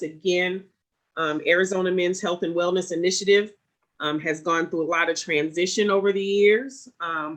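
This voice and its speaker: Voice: mid-range voice, a bit bright. A panel moderator giving closing remarks on a live online panel, rambling with many fillers and restarts.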